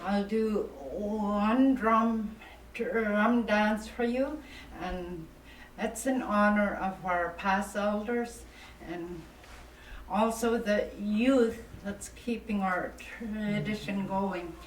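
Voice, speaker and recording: An older woman, reminiscing softly with frequent pauses and warm laughs. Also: medium pitch, fairly even intonation. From Inuvialuit Settlement Region, Canada. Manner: soft-spoken, pauses often, laughs warmly. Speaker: Elder storyteller. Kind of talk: relaxed reminiscing. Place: workshop room. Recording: echoey room, distant mic, faint hum.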